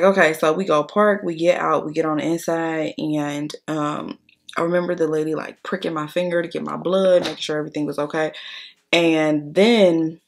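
A young adult woman telling a blunt, profane story to her viewers while doing her makeup. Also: low voice. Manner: blunt, profane, chatty, addresses viewers as y'all. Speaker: beauty vlogger.

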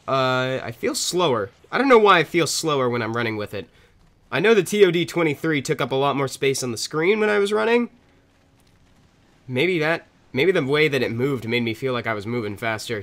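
A man's voice: medium pitch, fairly bright tone. A young man with a stuffy nose from a cold, giving casual gameplay commentary and chatting at the game and other players.

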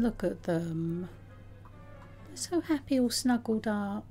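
A woman's voice: fairly high pitch, very animated, slow pace, mellow. A woman giving casual, chatty commentary on her game, talking to her characters and laughing often. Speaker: let's play host.

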